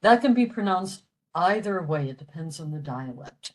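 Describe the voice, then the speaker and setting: A woman's voice: deep voice, lively intonation, moderate pace. An older woman from western Pennsylvania giving a library talk on the Irish language, repeating phrases with frequent hesitant fillers.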